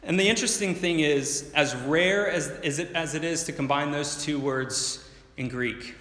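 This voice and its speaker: A man's voice: a little high, moderate pace, fairly bright tone, echoey room, in a large hall. A man preaching a sermon as pastor, explaining earnestly and building up to emphatic points.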